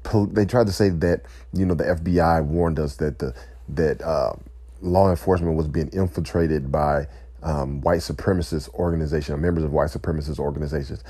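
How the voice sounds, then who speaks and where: A man giving an impassioned, emotional speech, weary and close to tears, pausing to collect himself. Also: extremely low pitch, steady tone, mellow, husky, no room sound. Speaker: speaker addressing listeners.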